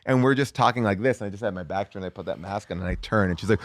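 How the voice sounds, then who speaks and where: A middle-aged man chatting as a guest, telling a story in a lively way with lots of fillers and some swearing. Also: lowish voice, very fast, no echo. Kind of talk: casual chat.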